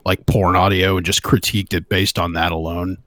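A man's voice: low voice, fairly quick, dry recording. A man co-hosting a casual radio show, joking and swearing freely as he talks into a studio mic. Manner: joking, profane, animated. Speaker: radio co-host.

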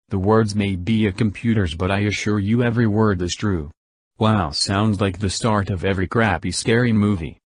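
Text-to-speech male narrator, lowish pitch, dry sound, flat report-style reading. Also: dry recording. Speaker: storyteller sharing paranormal accounts.

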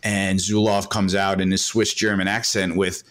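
A man, a market analyst guest on a podcast, talking in a loose, animated way with lots of fillers and restarts. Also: sits low, normal speed. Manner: animated, rambling with many fillers. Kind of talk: casual podcast interview.

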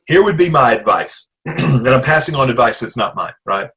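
Give me a calm male ex-champion thoughtfully giving advice. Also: medium pitch, rough recording. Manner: measured, reflective, clears throat. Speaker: former wrestling champion, guest. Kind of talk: interview answers.

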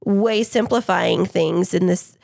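Gravelly-voiced woman podcast host. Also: medium pitch, takes it slowly, a little mellow, no room sound, clean studio sound. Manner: conversational, reflective, gives personal examples. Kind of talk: casual interview chat.

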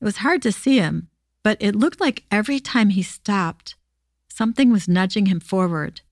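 A woman hosting a podcast, reading true stories aloud in a steady, expressive way. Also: mid-range voice, moderate pace, no echo, studio quality. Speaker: podcast host.

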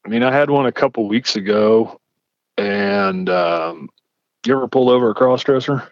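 A man's voice: medium pitch, normal speed, dry recording. A man, a former police officer, telling traffic-stop stories in casual chat and acting out the dialogue. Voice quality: animated, acts out quoted dialogue. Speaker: podcast host, former police chief. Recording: dull lo-fi dry sound.

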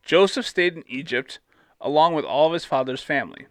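A man's voice: on the high side, fairly quick, no room sound. A man co-hosting a casual Bible study, reading scripture aloud and adding playful asides.

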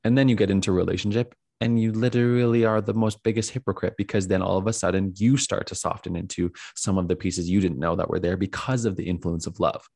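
A man's voice: low voice, steady tone, fast, creaky, few pauses, darkish tone, no room sound, clean studio sound. A man hosting a podcast, talking earnestly in a reflective conversation, often searching for words with fillers and restarts. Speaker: podcast host.

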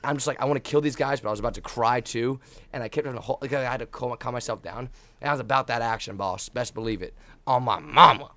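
A man's voice: medium pitch, fast talker, bright, forceful tone, no room sound. A young man telling a rambling, profanity-laced story in casual chat, hyped-up and emotional. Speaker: podcast co-host, volleyball player.

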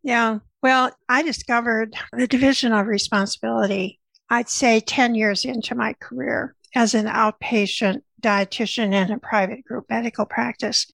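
An older woman, a nutritionist guest, telling lively stories from her career in a conversational way. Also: a little high, normal speed, gravelly, hardly any pauses, dry recording, poor audio. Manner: lively anecdotal storyteller. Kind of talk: conversational storytelling.

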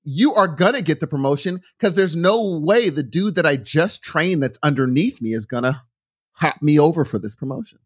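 A middle-aged man on a casual podcast, telling a long story with lots of restarts and asides. His voice sits a bit high for a man, and his tone keeps swinging up and down as he gets worked up. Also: normal speed, slightly rough. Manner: rambling, animated storytelling with restarts. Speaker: podcast co-host. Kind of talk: casual chat.

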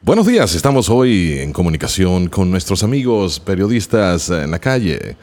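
A man voicing an upbeat male radio traffic announcer in mock radio announcing style, with a bright, crisp delivery. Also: sits low, very animated, a little fast. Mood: chipper.

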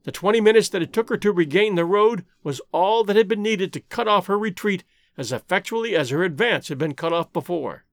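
A man reading an adventure story aloud as an audiobook narrator, with dramatic, expressive delivery. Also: sits high, a little fast, no room sound. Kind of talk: scripted narration.

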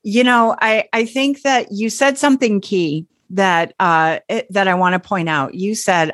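A woman working as a parenting coach, explaining calmly and gently in a casual talk. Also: medium pitch, measured pace, hardly any pauses, no echo, clean studio sound.

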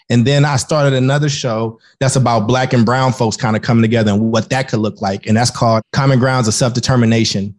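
A man's voice: mid-range voice, darkish tone. Earnest man, effusive interview guest. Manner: earnest, effusive, talks in quick bursts with many restarts. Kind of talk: casual interview talk.

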